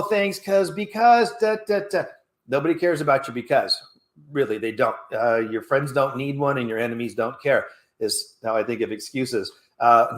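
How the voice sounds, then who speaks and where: Animated fitness coach in an echoey room. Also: male voice. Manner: animated, coaching, acts out little exchanges in a higher voice. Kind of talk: motivational casual talk.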